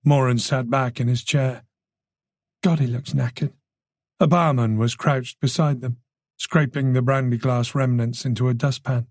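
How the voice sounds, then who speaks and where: A man narrating a thriller audiobook in a taut, measured way. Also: medium pitch, steady tone, darkish tone, no room sound, clean studio sound.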